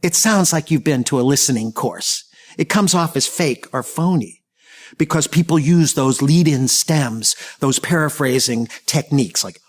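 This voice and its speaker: A man with a slightly higher voice delivers a training talk on listening skills. He tells anecdotes with a humorous touch and keeps his asides lively. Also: moderate pace. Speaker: communication trainer.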